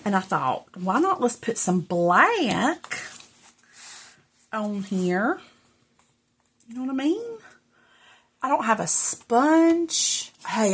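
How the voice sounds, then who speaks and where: A husky, medium-pitched voice belongs to a middle-aged woman crafting at home indoors in her craft room. Slightly out of breath, she keeps up a rambling, chatty stream of self-talk for her viewers as she works.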